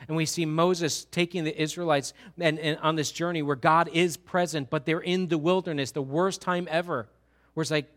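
Middle-aged male pastor, animated sermon delivery, crisp bright tone. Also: fairly high pitch, moderate pace. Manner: animated, acts out voices of churchgoers.

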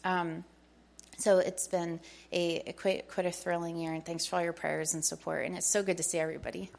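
A woman's voice: on the low side, level tone, fairly quick, creaky, a little mellow. Eager middle-aged woman sharing testimony. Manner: eager storytelling that acts out quoted dialogue. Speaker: church member sharing testimony. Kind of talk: personal faith testimony.

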